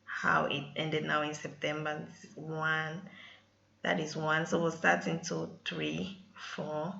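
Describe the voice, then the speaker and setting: Slow, gravelly woman vlogging about hair. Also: sits low, completely flat delivery, pushed and bright, muffled recording. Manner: chatty, keeps saying "guys". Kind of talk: casual vlog voice-over.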